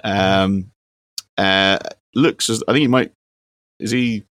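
Low-voiced man in rambling casual chat. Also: fairly even intonation, takes it slowly, a bit bright, no echo, clean studio sound. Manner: rambling, hesitant with many ums, reads facts aloud. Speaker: podcast co-host.

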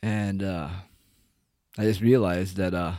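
Low dark male commentator, loose profane rant, dry close sound. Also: fairly even intonation, takes it slowly, no room sound. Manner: profane, rambling, heavy on "like" and "dude". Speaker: online commentator. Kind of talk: casual rant.

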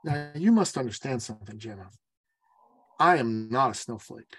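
A man in his forties, a business coach telling a story as a podcast guest, lively and acting out other people's lines. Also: mid-range voice, moderate pace, faint music behind. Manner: lively storyteller who acts out quoted voices.

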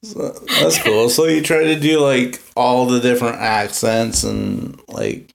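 A man's voice: medium pitch, fairly even intonation, measured pace, gravelly. A man hosting an interview podcast, asking easygoing questions with lots of fillers. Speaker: podcast host. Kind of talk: casual interview chat.

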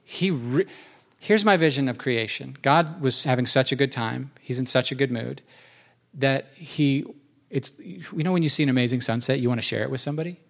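A man's voice: medium pitch, moderate pace, creaky, a bit bright. A man preaching a sermon in a church, enthusiastic and conversational, often restarting his sentences.

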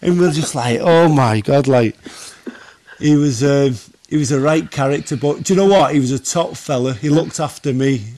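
On a podcast, this ex-goalkeeper from England's northwest recounts stories casually and with energy, often restarting and leaning on fillers. His voice is on the high side, at a normal speed.

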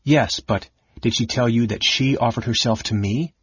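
A man's voice: mid-range voice, normal speed, fairly bright tone, breathy edge, no echo, muffled recording. An audiobook narrator voicing a scornful male mage who talks coldly, mocking and sometimes whispering. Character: sickly scornful male mage, cold and cutting.

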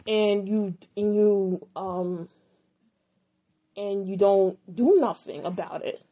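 A woman's voice: mid-range voice, steady tone, takes it slowly, darkish tone. A young woman telling a personal story in a casual storytime vlog, heated and profane, acting out what she and others said. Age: young adult. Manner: heated, profane, emphatic retelling with quoted dialogue.

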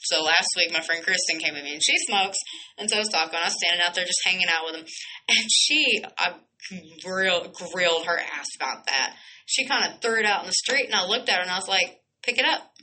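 A woman's voice: lowish voice, animated, brisk, sharp tone, low-quality recording. A young woman hosting a radio show, ranting bluntly and heatedly, swearing and firing off rhetorical questions. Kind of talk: heated solo radio rant.

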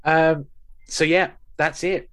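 A man's voice: on the high side, steady tone, takes it slowly, fairly bright tone. A man co-hosting a podcast, chatting casually and wryly with lots of fillers. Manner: rambling, wry, with many fillers and restarts. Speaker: podcast co-host. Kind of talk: casual chat reviewing an episode.

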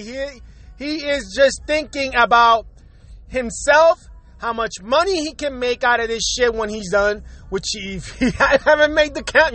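A man's voice: very high-pitched, bright, forceful tone. A young man hosting his own podcast, ranting in a profane, exasperated way and repeating himself a lot. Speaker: podcast host. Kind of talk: solo rant podcast.

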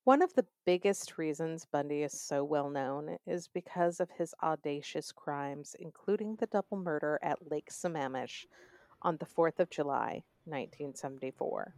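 A woman's voice: low voice, moderate pace, darkish tone, no room sound. A young woman hosting a true crime podcast, telling the story in a sarcastic, conversational way. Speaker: podcast host.

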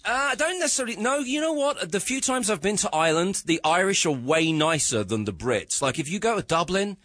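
A man's voice: sits high, sing-song, a little fast, fairly bright tone, dry recording, studio quality. A man with an English accent, joking in casual radio banter and slipping into mock voices. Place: radio studio. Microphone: studio microphone.

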